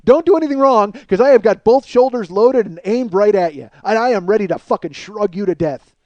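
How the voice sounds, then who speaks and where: A man hosting a comedy podcast, delivering a profane, exasperated rant that swings between loud outbursts and low muttering. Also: animated, a little fast, no echo, dull audio. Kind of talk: ranting comedic monologue.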